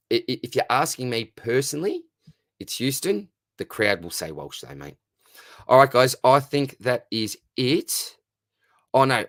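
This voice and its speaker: A medium-pitched man with an Australian accent answers chat questions on a casual live stream, reading each one out and responding in a friendly, matey tone. The sound is clean and studio-like, without echo.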